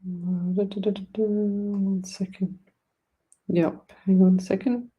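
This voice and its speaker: A woman's voice: medium pitch, flat delivery, unhurried, husky, muffled recording. An Australian woman hosting a live psychic stream, chatting to viewers in a rambling, affectionate way. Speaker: psychic medium host. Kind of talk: casual live-stream chat.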